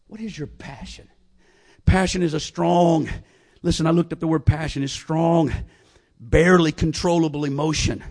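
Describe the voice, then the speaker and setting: Husky high-voiced revival preacher man. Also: fairly even intonation, normal speed, darkish tone. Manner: repetitive, call-and-response preaching. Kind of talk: sermon.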